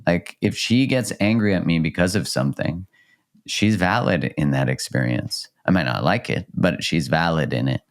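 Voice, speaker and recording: A man's voice: sits low, expressive, normal speed. A man in his thirties, a podcast guest and relationship coach, talking in casual chat in a reflective, earnest way and laughing easily.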